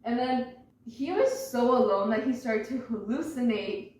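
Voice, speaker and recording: A woman's voice: a little high, expressive, moderate pace, a little mellow, slight background noise. A young woman giving a chatty, rambling presentation to her family, swearing and laughing as she explains. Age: young adult. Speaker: student presenter. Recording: very echoey room, far from mic.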